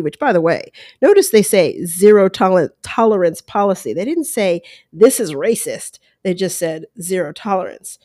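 A woman's voice: medium pitch, expressive, moderate pace, dark tone, no room sound. Woman podcast host, dry close sound. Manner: conversational, talks through ideas with asides and quoted voices. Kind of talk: casual solo commentary. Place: room at home. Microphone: headphones and close mic at home. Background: dog lapping water.

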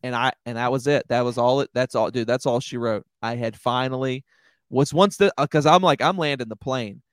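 A young man in a dry room, with no echo, tells a long story in casual podcast chat. His voice is mid-pitched and his talk is rambling and profane. He is a stand-up comedian going over a rough gig. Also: fairly quick.

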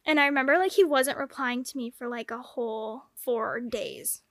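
A young woman telling a long personal story in casual chat, animated, saying "like" a lot and swearing freely. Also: on the high side, moderate pace, no room sound, studio quality.

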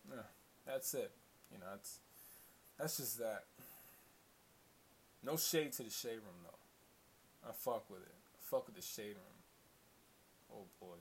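A man's voice: on the low side, takes it slowly, pauses often. A man hosting a casual solo commentary show, profane, rambling and opinionated. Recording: faint hiss.

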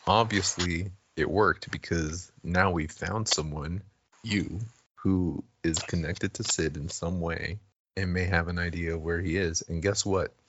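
A man's voice: sits low, fairly even intonation, measured pace, highs cut off, noisy background. A man playing a tabletop game, speaking brashly and profanely in character. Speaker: player. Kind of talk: tabletop role-play.

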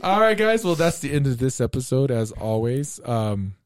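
A man's voice: mid-range voice, sing-song, normal speed. A man hosting a casual podcast episode, chatty and upbeat, laughing often with his co-hosts. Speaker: podcast host. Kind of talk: casual chat.

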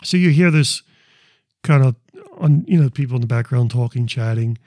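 Talking casually through his recordings, a man who investigates the paranormal rambles, repeating words as he restarts his sentences. His medium-pitched voice is a little mellow and moves at a moderate pace, captured at studio quality with no room sound.

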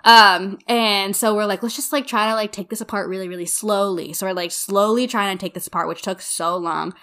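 A young woman co-hosting a podcast, chatting casually and telling an animated story, acting out quotes and saying "like" a lot. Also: mid-range voice, a little fast. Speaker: podcast co-host. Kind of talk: casual chat.

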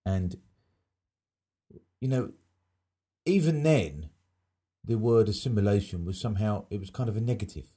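A man with a husky, slightly rough voice whose pitch rises and falls a lot. He talks in a casual chat, emphatic and sure of his opinions, and keeps his delivery loose and conversational. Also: animated, normal speed, pauses often, dark tone.

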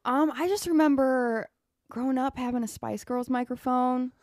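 A young woman singer from Ohio with a slight country twang to her speech, chatting in an animated way as an interview guest. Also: high voice, moderate pace, dry recording, clean studio sound. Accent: Willard, Ohio, slight country twang. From Ohio, USA. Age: young adult. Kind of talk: casual interview chat.

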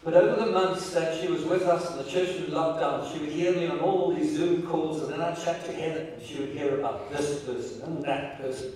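A man preaching a sermon as pastor, telling stories in a warm, emotional way with halting restarts and repeated words. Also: on the high side, steady tone. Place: large church hall. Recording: echoey hall, voice from far off.

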